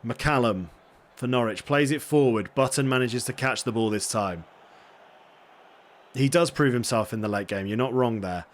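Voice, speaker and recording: A man casually commentating his own football management game, getting excitable and swearing when things go wrong. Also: medium pitch. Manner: excitable, swears when frustrated, self-deprecating asides. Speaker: gaming streamer.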